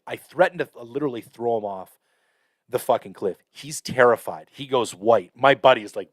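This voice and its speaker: A man hosting a podcast, telling a hunting story in a casual, profane, animated way with lots of fillers. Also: mid-range voice, moderate pace, no room sound. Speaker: podcast host.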